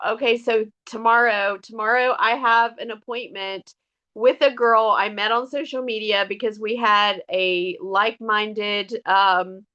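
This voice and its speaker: A middle-aged woman with a drawl gives a casual motivational talk to her team. She speaks in a fairly high voice, earnest and chatty, full of fillers and restarts. The recording sounds dull and lo-fi. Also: fairly bright tone. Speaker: direct sales team member. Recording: dull lo-fi audio.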